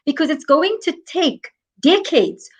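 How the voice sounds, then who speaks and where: An African woman with a high voice speaks as an interview guest. She explains with emphasis and earnest repetition, driving each point home. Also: lively intonation, unhurried. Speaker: guest expert on African trade.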